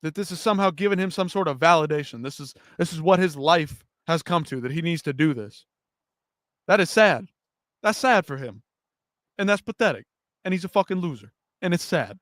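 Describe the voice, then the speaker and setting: A man's voice: a little high, animated, fairly quick, fairly bright tone, no echo, studio quality. A man hosting a live fight-news stream, ranting and swearing in heated commentary. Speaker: MMA news show host.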